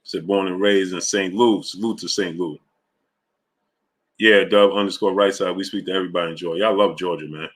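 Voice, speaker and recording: A man's voice: sits low, fairly even intonation, a little fast. A man with a New York accent, chatting casually on a livestream and greeting viewers by name in slangy talk. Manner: slangy, reads out viewer names and greets them. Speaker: livestream host.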